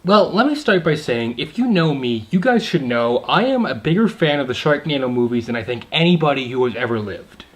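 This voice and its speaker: A young man talks through a movie review in a loose, excited ramble, full of asides and fillers. His pitch swings widely and lively from word to word. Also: a little fast, few pauses. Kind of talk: casual video review.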